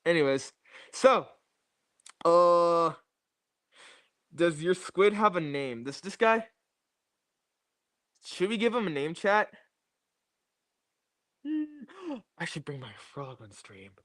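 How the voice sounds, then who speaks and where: A man's voice: a little high, expressive, slow, pauses often, a bit bright, no echo, studio quality. A young man rambling and joking to his chat during a casual livestream, repeating catchphrases on a new mic. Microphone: new streaming mic.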